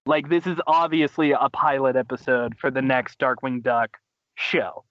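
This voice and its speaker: A man hosting a podcast, casually recapping a cartoon episode in an animated way, laughing and acting out quotes. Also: normal speed, no room sound, highs cut off. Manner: animated, laughing, acts out quotes in high voices. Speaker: podcast host.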